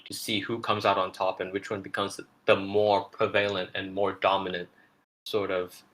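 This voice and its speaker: A man's voice: low voice, level tone, moderate pace, fairly bright tone. A man co-hosting a casual trailer breakdown, rambling with lots of fillers and restarts. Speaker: podcast co-host.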